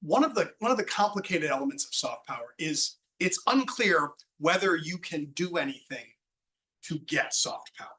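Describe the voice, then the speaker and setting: A male panel moderator talks in a loose, rambling way, restarting his sentences often. His voice is bright and a little high. He is picked up from a distance in a hall. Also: animated, normal speed. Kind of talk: casual panel discussion.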